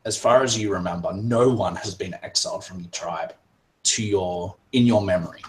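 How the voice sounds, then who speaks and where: A man narrating as game master in a tabletop game, pausing often with fillers. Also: deep voice, poor audio. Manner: hesitant, many pauses and fillers.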